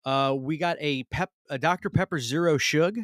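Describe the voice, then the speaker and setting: A man's voice: a little high, moderate pace, fairly bright tone, no echo, clean studio sound. A man, hosting a casual live stream. He greets viewers by name and often restarts his sentences.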